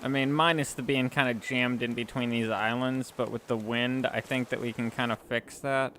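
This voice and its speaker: A man's voice: medium pitch, steady tone, moderate pace, sharp tone, slight background noise. A man chatting casually while streaming a game, rambling and self-deprecating, with frequent chuckles. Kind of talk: casual gaming chat.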